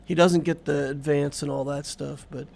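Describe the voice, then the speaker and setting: A man's voice: a little high, moderate pace, gravelly, slight background noise. A man giving casual gameplay commentary, thinking aloud as he plays and chatting to the viewer. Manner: thinks aloud while playing, relaxed and chatty, talks to the viewer. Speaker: game channel host.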